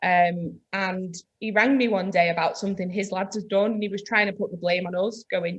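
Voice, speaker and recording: Business-owner woman, guest spot, frank lively storyteller who acts out quotes. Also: mid-range voice, a little fast, hardly any pauses, highs cut off. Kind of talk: casual chat.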